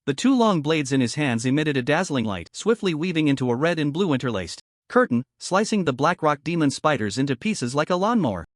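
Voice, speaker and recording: Male narrator, scripted story recap, lively pitch, dry close sound. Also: brisk, hardly any pauses, dry recording.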